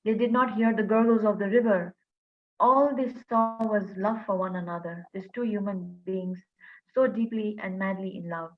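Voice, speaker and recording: A woman telling a folk story in an earnest, animated way, pausing often with fillers. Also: medium pitch. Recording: tinny phone-like line.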